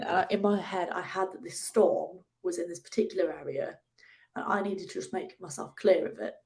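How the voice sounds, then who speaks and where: Animated young woman telling a story. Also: brisk, gravelly. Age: 20s. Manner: animated, acts out her own angry outbursts in a higher voice. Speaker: guest, ocean rower. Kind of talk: casual interview storytelling.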